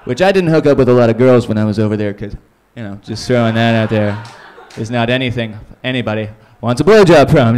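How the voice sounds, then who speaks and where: A man from Canada performs stand-up in a small comedy club. His voice sits at a middling pitch, and he rambles through crude bits. Now and then he breaks into silly put-on voices. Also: a little fast, few pauses, a little mellow, clean tone. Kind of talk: live stand-up set.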